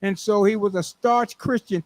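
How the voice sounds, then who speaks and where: High-voiced New radio host. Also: male voice, steady tone, moderate pace, darkish tone, no echo. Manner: rambling, laughs at his own jokes. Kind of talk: radio talk and joke telling. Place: radio studio.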